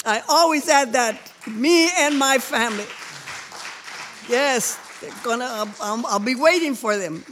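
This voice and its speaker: A woman's voice: on the high side, unhurried, fairly bright tone. A woman of ninety, nervous about speaking in front of people, talking about her faith with a laugh and reciting a prayer. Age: 90s. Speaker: grandmother interviewed in church. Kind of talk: faith testimony interview.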